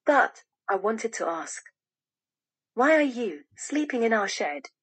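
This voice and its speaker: An eager, curious little boy calls out in a higher, louder voice, as a woman reading a storybook puts him on. A husky edge stays in the tone. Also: big pitch swings, slow, full character voice.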